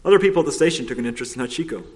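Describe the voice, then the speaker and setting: Male storybook narrator, steady, expressive, long hall reverb. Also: mid-range voice, very fast. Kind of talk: storybook reading aloud.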